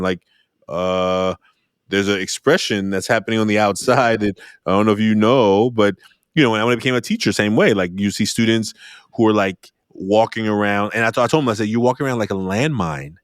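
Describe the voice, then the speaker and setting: A middle-aged man hosting an interview podcast, talking in a lively storytelling way. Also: fairly quick, dry recording, studio quality. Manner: animated storyteller, jumps high when acting out exchanges. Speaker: podcast host. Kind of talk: conversational interview.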